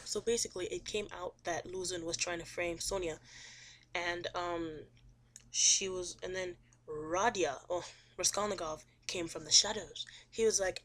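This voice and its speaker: A woman's voice: lowish voice, flat delivery, moderate pace, fairly bright tone. Chatty young woman recapping a novel. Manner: chatty, rambling, full of ums, acts out quotes. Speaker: student summarizing a novel. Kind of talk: casual chapter recap.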